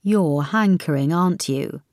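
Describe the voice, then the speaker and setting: A woman's voice: on the low side, dry recording, studio quality, lightly acted. A woman reading as a wry, teasing husband. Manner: wry, measured, gently mocking. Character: man, married, dry and teasing.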